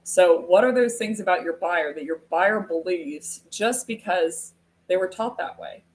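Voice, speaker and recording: American lady hosting a live sales stream, chatty and animated, laughs a lot. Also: on the low side, measured pace. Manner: animated storytelling with frequent laughs. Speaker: live sales webinar host. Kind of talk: casual live-stream talk.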